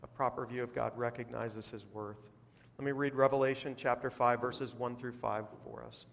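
A man's voice: medium pitch, fairly even intonation, moderate pace, creaky. Preaching man in a reverberant hall. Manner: preaching with rising bursts of emphasis. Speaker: pastor. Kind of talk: sermon.

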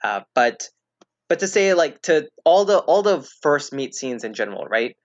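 A man chatting casually as a podcast guest, rambling and hesitant, restarting his sentences and filling pauses as he goes. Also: on the high side, sing-song, no echo. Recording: dull lo-fi dry recording.

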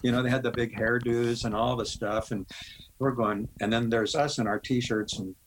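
A man's voice: mid-range voice, steady tone, normal speed, noisy background. An older man from the American Midwest, a guest musician rambling through anecdotes full of quoted dialogue. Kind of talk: storytelling interview.

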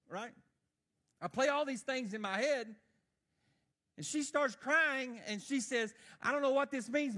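A man, preaching a sermon as a missionary and telling his story earnestly, swinging between loud and hushed. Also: sits high.

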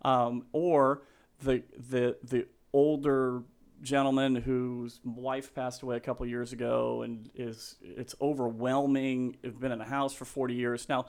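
A middle-aged man, a real estate agent, talking in an earnest, openly sentimental way on a casual podcast interview. He rambles and restarts often. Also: mid-range voice.

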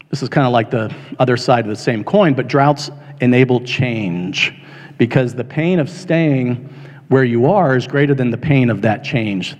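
Conversational pastor preaching in a reverberant hall. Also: male voice, medium pitch, a little mellow. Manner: conversational, halting with fillers, rising to impassioned retelling. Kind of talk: sermon. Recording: long reverb of a large hall.

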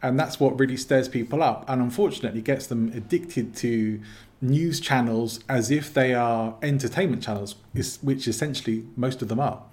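A man with an English accent, explaining his views as an interview guest in a calm, measured way. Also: mid-range voice. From England. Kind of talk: casual interview talk.

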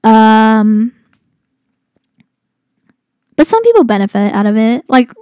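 A young woman hosting a podcast in casual, rambling chat, full of "like" fillers and animated exasperation. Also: on the high side, takes it slowly, clear, resonant tone, no room sound, studio quality. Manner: rambling, heavy use of "like" fillers. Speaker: podcast host.

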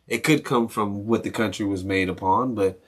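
With a fairly low pitch and a normal speaking speed, a young man from Maryland hosts a casual solo podcast. His delivery is a profane, rambling rant, peppered with restarts and laughter.

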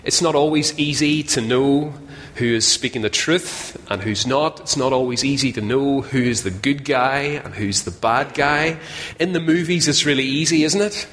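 A man's voice: mid-range voice, moderate pace, a bit bright. A man preaching a sermon in a conversational, self-deprecating way, often putting questions to his listeners. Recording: long hall reverb, faint ambience.

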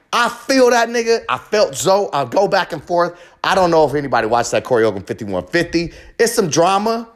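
A man with a voice that sits high launches into a heated, profane confessional monologue. He rants emphatically, hammering home short phrases over and over.

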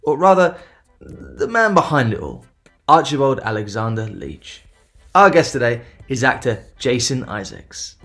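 A man hosting a podcast, talking in a relaxed, informal way in a casual interview chat. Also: mid-range voice, unhurried, creaky, soft background music. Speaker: podcast host.

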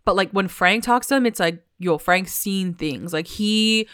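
A woman's voice: medium pitch, measured pace, a bit bright, no room sound, studio quality. A woman chatting casually about a TV episode, filling her talk with "like" and acting out the characters' lines. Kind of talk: casual TV recap chat.

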